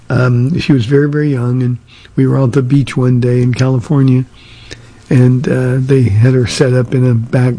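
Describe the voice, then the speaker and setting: An older pastor takes listener questions on a radio show, answering in a plainspoken sermon style with frequent "uh"s and repeated words. His voice is medium-pitched, dark in tone, and slightly rough.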